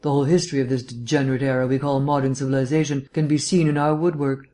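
An audiobook reader voicing an urbane, erudite gentleman detective who lectures in a polished, lightly teasing way. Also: mid-range voice, little pitch movement, quick pace, close to an everyday voice. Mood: lecturing. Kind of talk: audiobook reading.

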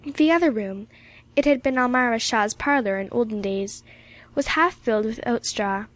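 A woman narrating an audiobook in a steady, expressive reading. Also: a little high, normal speed.

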